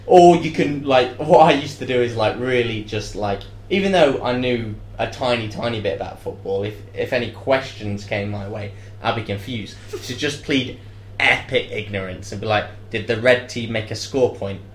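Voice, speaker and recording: A young man co-hosting a casual comedic chat, rambling and jokey, now and then bursting into loud mock shouts. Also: mid-range voice, animated, normal speed. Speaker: co-host. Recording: echoey room.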